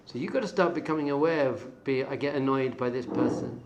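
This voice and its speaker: A middle-aged man, a rabbi, giving a lively Torah class to yeshiva students, moving between loud emphatic bursts and quiet asides and dropping Hebrew terms into his talk. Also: medium pitch, fairly quick, highs cut off, slight background noise.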